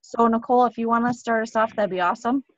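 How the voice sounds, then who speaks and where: A woman's voice: on the high side, steady tone, fast talker, dry recording, dull audio. A woman leading a casual sales team meeting on a video call, upbeat and enthusiastic as she cheers people on.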